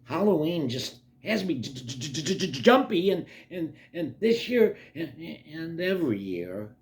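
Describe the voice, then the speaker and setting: A man's voice: on the high side, huge pitch swings, a little slow, darkish tone, pitched above the performer's own voice. A man voicing a jumpy young male cartoon character who stammers nervously through his words.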